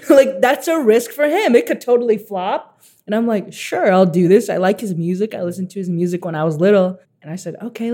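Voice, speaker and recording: 18 yr old guy chatting, mellow warm voice, laughs a lot, acts out quotes. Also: high voice. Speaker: guest artist. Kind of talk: casual storytelling.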